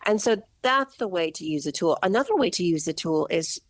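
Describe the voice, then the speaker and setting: A woman's voice: fairly low pitch, animated, brisk, dry recording. A woman author being interviewed, explaining her views with enthusiasm. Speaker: guest author. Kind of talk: interview conversation.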